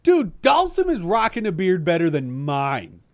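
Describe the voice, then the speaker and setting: A man's voice: high voice, wildly swooping pitch, measured pace, no echo. A man co-hosting a podcast, talking in an enthusiastic, emphatic and slangy way. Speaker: podcast co-host. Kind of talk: casual chat.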